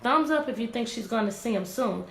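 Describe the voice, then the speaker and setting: A woman teacher reading a picture book aloud to her class, animated and asking many questions. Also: on the high side, brisk. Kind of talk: interactive read-aloud lesson. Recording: echoey room, faint background noise.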